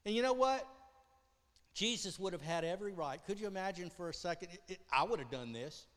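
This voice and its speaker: A high-voiced man preaches in a church sanctuary, telling the story with great animation and acting out the voices. He swings from loud outbursts to near-whispered lines. His voice rings with the long reverb of a large church hall. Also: lively intonation, a little fast. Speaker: pastor. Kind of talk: sermon.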